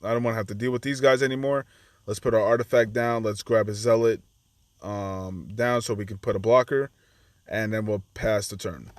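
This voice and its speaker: A man's voice: lowish voice, steady tone, normal speed, dry recording. Chatty man narrating his card game. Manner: chatty, acts out his own reactions to the opponent. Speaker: gaming channel host. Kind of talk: casual gameplay commentary.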